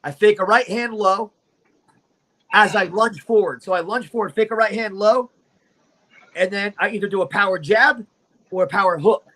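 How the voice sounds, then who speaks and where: Swaggering high-voiced man telling fight stories. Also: moderate pace, pauses often, sharp tone, rough recording. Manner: profane, swaggering storyteller. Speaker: guest fighter and storyteller. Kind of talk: animated fight story on a livestream.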